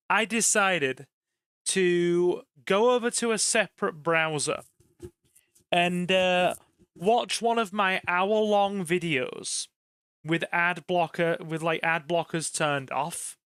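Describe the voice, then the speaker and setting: A man chatting casually to viewers while streaming a game, rambling warmly and bursting into excited cheers. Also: high-pitched, slow pace, smooth, dry recording, clean studio sound. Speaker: gaming streamer. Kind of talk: casual live-stream chat over gameplay.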